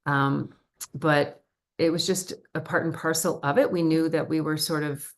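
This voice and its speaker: A middle-aged actress chatting as a guest in a casual interview, telling stories in a lively, talkative way. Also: female voice, deep voice, normal speed. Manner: chatty, animated storyteller with laughs.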